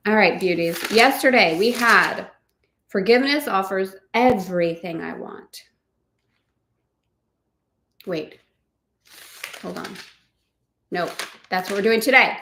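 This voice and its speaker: Woman affirming softly and chattily. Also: mid-range voice, slow, long pauses, reverberant, a little hiss or hum. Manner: warm encouraging, repeats affirmations, laughs often. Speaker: host. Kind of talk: casual spiritual live chat.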